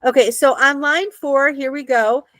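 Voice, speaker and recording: A woman's voice: sits high, fairly even intonation, a little slow, a bit bright, dry recording. An American woman teaching a Hebrew reading class, patiently checking that her students follow. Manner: patient, checks understanding often.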